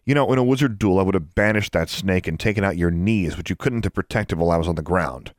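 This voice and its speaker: A man's voice: low-pitched, fast, no echo, studio quality, natural voice. A man voicing a smug, condescending teenage boy wizard.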